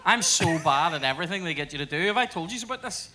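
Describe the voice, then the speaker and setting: Male podcast host, live on stage, crude storyteller, high and bright. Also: animated, fast talker. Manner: crude storytelling with sweary asides. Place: theatre stage before audience.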